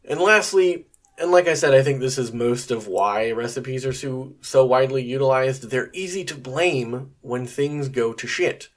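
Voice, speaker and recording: A man hosts a solo podcast in a casual, conversational way. His voice sits at an ordinary middle pitch. He rambles along with plenty of fillers and the occasional curse. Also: normal speed. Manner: conversational, rambling, frequent fillers and mild swearing. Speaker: podcast host.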